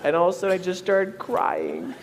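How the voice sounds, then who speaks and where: A man telling a personal story with lively energy, acting out the voices of the people in it. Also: brisk, a loud crowd, very noisy. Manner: acts out voices in his anecdotes, jumping pitch and volume. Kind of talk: animated storytelling.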